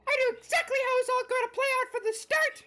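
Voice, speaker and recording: A man's voice: very high-pitched, fairly even intonation, fast talker, bright, forceful tone, soft background music, pitched above the performer's own voice. A man voicing a gleeful, sadistic male bear mascot in a mocking, sing-song way while reading game dialogue.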